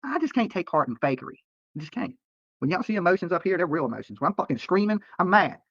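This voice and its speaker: A man's voice: sits high, very animated, fast talker, fairly bright tone, no room sound. A man live-streaming from a hotel room, ranting at critics in a profane, heated and repetitive way. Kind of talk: late-night livestream rant. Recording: dull lo-fi stream audio.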